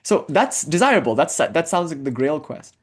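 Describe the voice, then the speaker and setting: A man's voice: a little high, big pitch swings, moderate pace, husky. A young man giving an informal spiritual lecture in a casual, chatty way, full of "like" fillers and asides, sometimes chanting Sanskrit verses.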